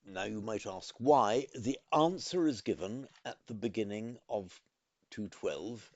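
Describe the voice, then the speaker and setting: A man teaching a language lesson in a careful, methodical way, pausing to correct himself. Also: lowish voice, lively intonation, no room sound, dull audio. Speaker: Sanskrit teacher. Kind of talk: explanatory lesson.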